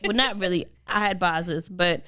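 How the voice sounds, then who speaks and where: A woman's voice: on the low side, moderate pace, sharp tone, a little hiss or hum. A woman co-hosting a podcast in casual chat, rambling and laughing often. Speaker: podcast co-host.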